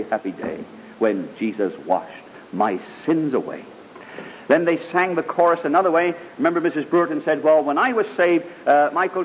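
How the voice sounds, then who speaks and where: A man preaching a sermon, telling his own conversion story in a fervent, emphatic way. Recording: dull lo-fi hall recording with faint rumble.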